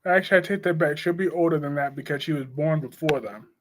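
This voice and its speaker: A man's voice: on the high side, quick pace. A man hosting a casual live stream about soap operas. He talks bluntly and chattily and reads out viewer comments as he goes.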